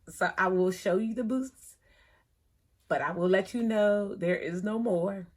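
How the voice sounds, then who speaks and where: A middle-aged woman, telling a story in a chatty, animated way, acting out the other people in it. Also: mid-range voice, normal speed, breathy edge. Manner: chatty, animated retelling with quoted voices. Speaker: thrift vlogger. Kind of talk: casual storytelling vlog.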